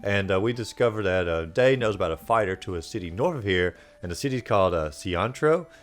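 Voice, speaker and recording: A man's voice: sits low, lively intonation, fairly quick. A man hosting a video game playthrough recap, talking in a casual, rambling way with lots of fillers. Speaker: host.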